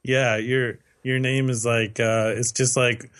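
A man's voice: medium pitch, little pitch movement, slow, fairly bright tone. A man co-hosting a podcast in casual chat, rambling with lots of fillers and self-corrections. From lives in western Canada. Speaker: podcast co-host.

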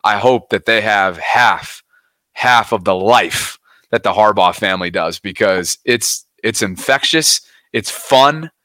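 A young man co-hosting a sports podcast, retelling moments in an animated, play-by-play way. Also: fairly low pitch, unhurried, no echo. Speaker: podcast co-host. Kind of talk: casual sports chat.

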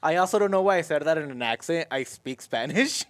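A man co-hosting a casual sports podcast, adding wry, quick remarks. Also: a little high, lively intonation, no room sound, clean studio sound. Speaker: podcast co-host. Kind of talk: casual chat.

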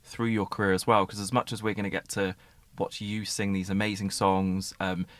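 A man's voice: fairly low pitch, little pitch movement, moderate pace, no echo. A man hosting a podcast interview, asking long, eager, rambling questions. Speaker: podcast host. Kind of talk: conversational interview.

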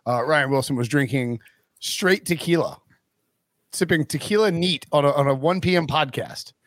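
A man's voice: fairly high pitch, moderate pace, a bit bright, no room sound, studio quality. A man hosting a casual sports podcast, rambling with lots of fillers and restarts and chuckling as he goes. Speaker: podcast host.

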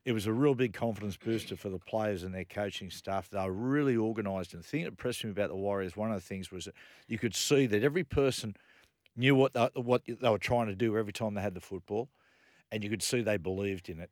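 A middle-aged radio host with a lowish voice, telling stories with animated energy. His voice is dry and close to the studio microphone. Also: quick pace, dry recording. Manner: animated storyteller, laughs through his anecdotes. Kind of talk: casual radio chat.

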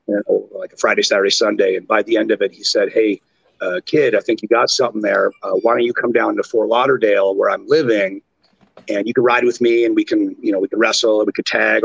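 A man with a Canadian accent tells stories on a podcast, animated and profane. His voice is husky, with plenty of gravelly fry. The sound is dry and slightly dull. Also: on the low side, no echo. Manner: animated, profane, jumps into impressions. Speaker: podcast guest, former wrestler. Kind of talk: casual storytelling.

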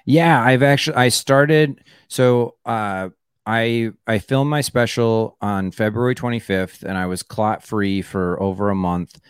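A man chatting as a comedy guest in a rambling way, full of "like" and restarts. His voice sounds smooth and fairly low. The recording is dry and close. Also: measured pace, no echo. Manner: rambling, many fillers and restarts. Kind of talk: casual chat.

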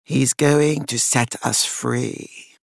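A man's voice: mid-range voice, steady tone, very slow, vocal fry, dry recording, studio quality. A man voicing a composed, cold-spoken woman in an audiobook, level and commanding.

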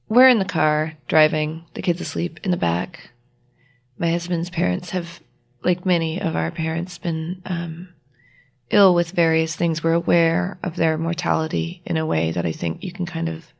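Low gravelly-voiced woman telling a story. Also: steady tone. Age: adult, married with a child. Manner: reflective, halting, restarts and quoted dialogue. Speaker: guest author. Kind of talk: personal storytelling in interview.

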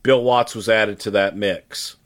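A man's voice: on the low side, steady tone, measured pace. Blunt, emphatic middle-aged man. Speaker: podcast co-host recalling his career. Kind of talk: casual podcast conversation.

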